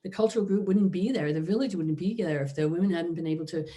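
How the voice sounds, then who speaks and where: This woman professor has a lowish, mellow voice and talks quickly. She gives a philosophy lecture by video call in a conversational, informal way, peppering it with asides to the audience like "you know" and "right?"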